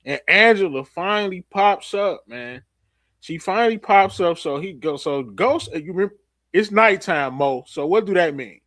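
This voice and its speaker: A man hosting a casual live-stream show chat, recapping a TV episode in an animated storytelling way. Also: sits high, normal speed, dry recording, studio quality. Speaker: host.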